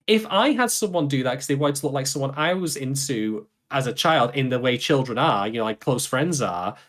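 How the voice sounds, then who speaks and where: A man co-hosting a casual podcast discussion, at an ordinary middle pitch. He is chatty and thinks aloud, often backtracking to correct himself mid-sentence. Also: expressive, brisk, hardly any pauses, a bit bright. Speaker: podcast co-host.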